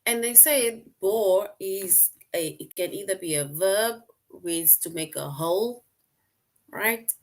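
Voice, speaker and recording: A woman's voice: medium pitch, takes it slowly. A woman teacher explaining a lesson patiently to her class online, often checking in with "right?".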